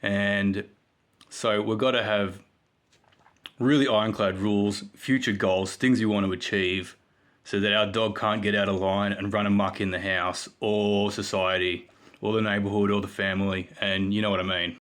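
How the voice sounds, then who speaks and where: A man's voice: lowish voice, fairly even intonation, moderate pace, a bit bright. A man giving a rambling, jokey self-help monologue for his vlog. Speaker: vlogger.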